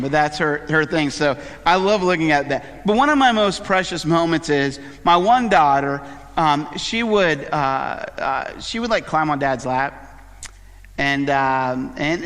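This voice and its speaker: A man's voice: on the high side, fairly bright tone, in a large hall. A middle-aged man, a pastor, preaching a conversational sermon full of fillers and personal asides. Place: church sanctuary.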